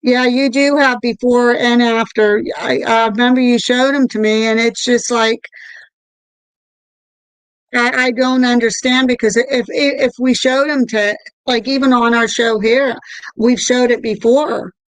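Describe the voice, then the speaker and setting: A middle-aged woman co-hosting a casual talk show, telling a story in an animated way with swearing. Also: a little high, measured pace, smooth, no echo, rough recording. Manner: animated storytelling, swearing, repeated "I'm there like". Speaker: co-host. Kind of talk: casual chat about paranormal experiences.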